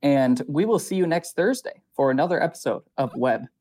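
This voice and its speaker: A man's voice: a little high, lively intonation, fairly quick, darkish tone. A man hosting an online talk show, closing it in an upbeat, promotional way. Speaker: host. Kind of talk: show sign-off.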